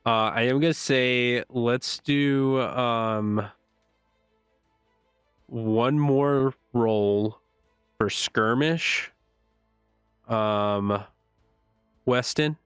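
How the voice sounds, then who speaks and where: A man running a tabletop game as game master, describing scenes with many pauses and fillers. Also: mid-range voice, a bit bright, clean tone, dry recording, studio quality, soft background music.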